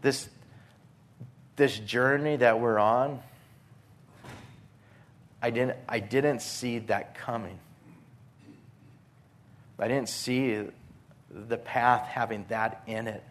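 A man preaching a sermon, earnest, swinging between forceful emphasis and hushed softness, often repeating words as he restarts phrases. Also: mid-range voice, steady tone, extremely slow, long pauses. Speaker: pastor.

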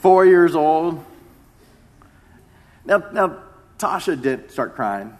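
A man's voice: fairly high pitch, animated, extremely slow, darkish tone. A man in his thirties, a pastor giving a conversational sermon that often repeats its phrases.

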